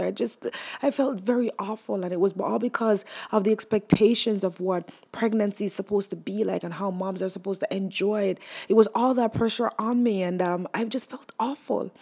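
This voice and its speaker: A woman's voice: medium pitch, vocal fry, a little mellow, slightly rough. A young woman telling her own story as a mother, candid and emotional, with many fillers. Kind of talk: personal testimonial.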